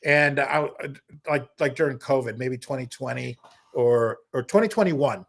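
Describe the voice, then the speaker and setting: A man, a comedian guest on a podcast, telling stories in a lively, casual way and breaking into impressions. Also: mid-range voice, moderate pace, creaky. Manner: animated storyteller, slips into impressions. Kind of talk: casual interview storytelling.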